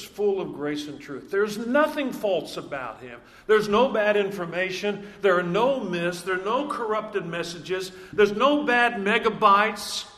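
A man preaching a sermon in an emphatic way, repeating key phrases and slowing down to stress them. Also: high voice, pushed and bright. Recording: echoey hall, faint background noise.

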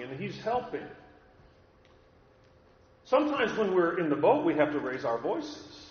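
A man's voice: a little high, a little hiss or hum. A man from California preaching a sermon, telling stories and repeating key phrases with emphasis, in a church hall. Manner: earnest storytelling, emphatic repetition. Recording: echoey hall, dull lo-fi.

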